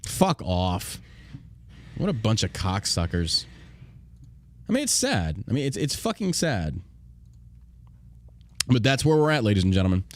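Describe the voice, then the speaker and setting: A man's voice: lowish voice, sing-song, a little slow, pauses often. A man hosting a podcast, ranting in a profane, combative and indignant way. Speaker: podcast host.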